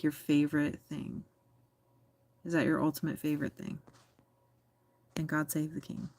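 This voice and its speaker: American woman streamer, low voice, giggly, teasing, dry close sound, casual chat. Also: a little mellow, no echo. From United States. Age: adult. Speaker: livestream host reading chat.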